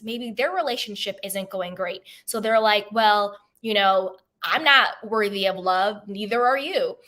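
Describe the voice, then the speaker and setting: A woman's voice: fairly high pitch, fairly bright tone. A woman self-help coach giving an emphatic, conversational motivational talk straight to camera, repeating her key points.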